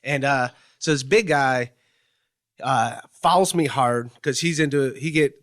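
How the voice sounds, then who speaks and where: A man from Cleveland, Ohio, answering interview questions, telling a story in halting bursts with many fillers. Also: medium pitch, a bit bright.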